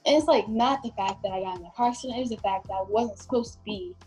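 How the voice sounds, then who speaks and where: A young woman tells her story as a podcast guest. Her voice is warm and mellow, and she talks loosely with plenty of fillers. A faint bed of music sits under her. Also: mid-range voice, fast. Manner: vivid storytelling with many fillers. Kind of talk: casual storytelling.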